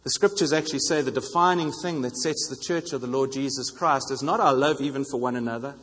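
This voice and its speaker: A man's voice: mid-range voice, fairly quick, fairly bright tone, breathy edge. A man preaching a sermon in an earnest way, repeating phrases for emphasis. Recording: long reverb of a hall.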